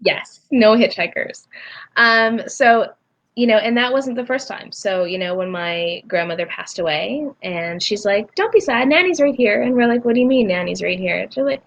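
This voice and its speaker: Animated woman telling a personal story. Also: medium pitch, normal speed, lo-fi sound. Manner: animated, acts out voices in her stories. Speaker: guest, spiritual healer. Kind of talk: casual storytelling.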